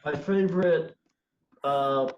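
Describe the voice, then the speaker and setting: A man's voice: a little high, takes it slowly, slight background noise. A man hosting a play reading group on a video call, easygoing and telling jokes plainly. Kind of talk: casual chat on a video call. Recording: roomy, dull video-call audio.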